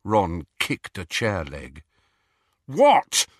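Male narrator, low and lively, measured storytelling, dry booth read. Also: no room sound. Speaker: audiobook narrator. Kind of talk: scripted narration.

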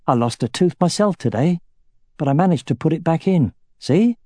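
A savage young warrior taunts a captive with mocking menace, as a man reading a fantasy audiobook plays him. The voice stays mellow and dry, close to the mic. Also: on the high side, lively intonation, normal speed, no echo, voice pushed up. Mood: menacing. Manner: threatening, mocking.

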